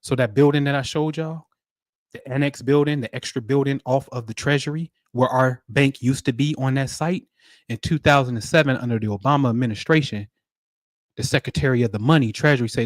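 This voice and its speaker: A man hosting a spiritual livestream, talking in animated, preachy street slang. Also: medium pitch, a little fast, no room sound, studio quality. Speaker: livestream host.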